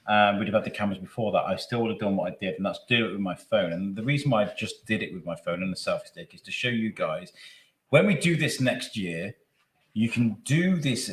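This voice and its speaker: A man's voice: lowish voice, roomy sound. A man hosting a live charity podcast, emotional and rambling as he thanks people. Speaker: podcast host.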